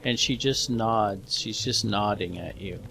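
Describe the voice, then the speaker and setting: A man narrating as game master of a tabletop horror game, unhurried and descriptive. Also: fairly low pitch, creaky, background noise.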